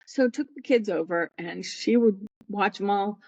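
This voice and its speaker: A woman's voice: medium pitch, normal speed, a little mellow. Middle-aged woman telling her story, muffled. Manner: rambling, acts out quoted people in her story. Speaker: podcast guest. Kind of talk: emotional personal storytelling.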